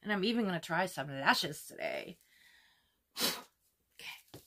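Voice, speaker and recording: A woman in her fifties chatting casually through a makeup tutorial at home, gushing over the colors and sometimes dropping to a soft whisper. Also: lowish voice, animated, takes it slowly, slight background noise. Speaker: beauty vlogger.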